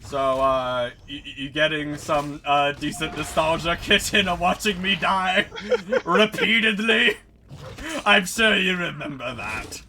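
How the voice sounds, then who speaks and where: Guy streaming a game, kinda high bright voice, excitable, cussing and laughing as he plays. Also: unhurried, hardly any pauses, a little hiss or hum. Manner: animated, swears and laughs at his own mishaps. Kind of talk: live gameplay commentary.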